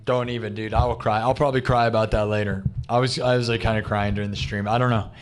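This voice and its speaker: A man's voice: lowish voice, little pitch movement, fast talker. Tired, rambling male streamer. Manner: rambling, candid, emotional. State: exhausted. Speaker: live streamer. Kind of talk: casual livestream chat.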